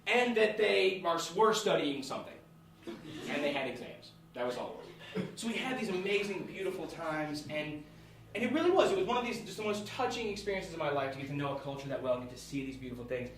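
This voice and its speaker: A young American man telling a personal story on stage, animated and laughing as he goes. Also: fairly high pitch, a little fast, slight background noise. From United States. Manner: animated, laughing between lines. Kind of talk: live storytelling. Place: small theatre with live audience. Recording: echoey room, far from mic, audience.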